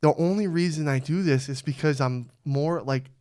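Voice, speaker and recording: A man in casual podcast chat, with a slightly high, smooth, crisp voice. He talks in an animated, profane way and loudly acts out quotes. The sound is dry and close. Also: moderate pace, no room sound. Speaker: podcast host.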